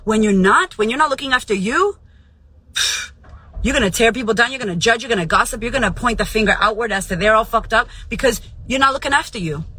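A woman's voice: on the high side, expressive, fairly quick, pushed and bright, slightly rough, low-quality recording. A woman podcast host giving a fiery, profane motivational rant in a casual, emphatic way.

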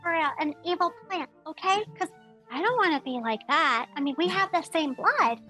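A player voicing a small, earnest plant-kin creature pleading not to be seen as evil, in a very high voice. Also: lively intonation, moderate pace, bright, forceful tone, soft background music, full character voice.

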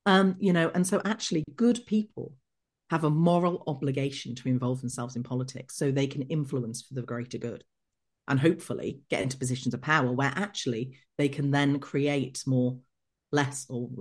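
A middle-aged woman, an executive coach telling stories from her career as a podcast guest, animated and quick to act out remembered conversations. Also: a bass voice. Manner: lively, acts out remembered dialogue. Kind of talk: podcast interview storytelling.

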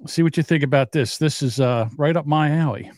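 A man with a South Jersey accent, co-hosting a casual podcast chat, halting and stumbling over words. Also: a little high, a little mellow, no room sound, clean studio sound. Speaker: podcast co-host.

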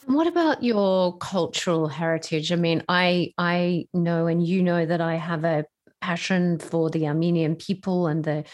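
A woman hosts a conversational interview and asks reflective questions. She backs up her guest with soft murmurs, and her voice sits lower than usual for a woman. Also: moderate pace. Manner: reflective, encouraging with soft affirmations. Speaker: podcast host.

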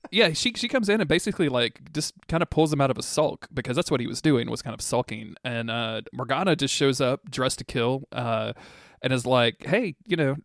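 Male podcast co-host, jokey and profane, medium pitch, dry close sound. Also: fairly quick, gravelly, a bit bright, no room sound. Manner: jokey, swears a lot, laughs often. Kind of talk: casual chat recapping a TV episode.

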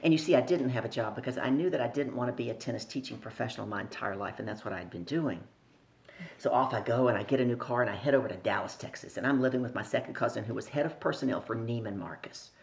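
A middle-aged woman telling lively stories as a sales coach on a podcast, asking her listeners questions along the way. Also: a bass voice, fast, creaky. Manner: animated storyteller who acts out voices and asks the listener questions. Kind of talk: storytelling in a podcast interview.

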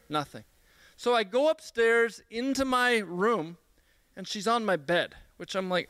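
A young man at a church gathering telling a funny personal story, animated and self-mocking, with many restarts. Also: sits high, measured pace, clean tone, no room sound. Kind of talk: humorous personal story in a sermon.

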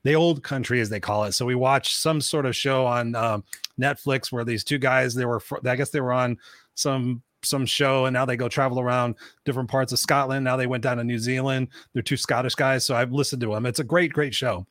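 Fast, emphatic male talk-show host. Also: mid-range voice, steady tone, fairly bright tone, no room sound, clean studio sound. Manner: emphatic, swears casually, addresses audience directly. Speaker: podcast host. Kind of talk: energetic motivational talk-show chat.

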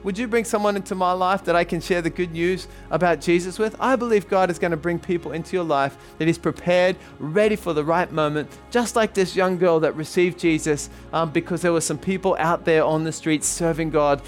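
A man delivers a sermon as pastor, his voice sitting notably high for a man. He speaks in earnest, rallying calls to the congregation. Quiet music plays faintly behind him in the church. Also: a little fast, hardly any pauses. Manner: retells a story with many "she said" tags. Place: church service.

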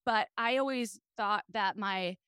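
A woman guest on a podcast, telling candid stories in a raspy voice, open and animated in a casual chat. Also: medium pitch, unhurried, dry recording, studio quality.

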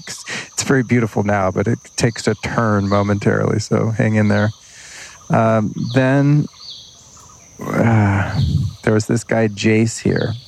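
A man's voice: fairly low pitch, creaky, a little mellow, a little hiss or hum. A man hosting a podcast, talking through his experiences in an earnest, rambling way and swearing casually. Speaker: podcast host. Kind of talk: unscripted reflective monologue.

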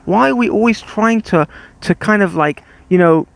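A man's voice: normal speed, gravelly, no echo, poor audio. A man hosting a solo podcast, reflecting earnestly on his own parenting, with many repeated words and restarts. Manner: animated, rising in pitch when making a point. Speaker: podcast host.

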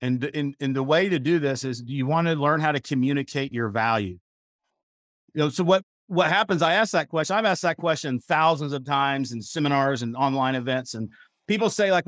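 A man's voice: mid-range voice, a little fast, fairly bright tone, no room sound, studio quality. A man from Missouri coaching real estate agents at a seminar, emphatic and repetitive, often restarting his sentences. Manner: emphatic, repetitive, self-correcting. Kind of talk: seminar teaching. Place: seminar room.

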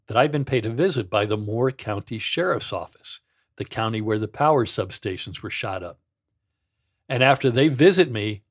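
Husky and medium-pitched, a middle-aged former pastor's voice carries his podcast's sardonic monologue. He reads quotes with dramatic flair, mocking them sarcastically.

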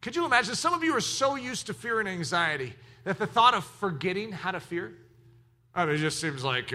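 A man preaching a sermon as pastor of his church, animated, moving from quiet asides to shouted exclamations. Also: sits high, brisk.

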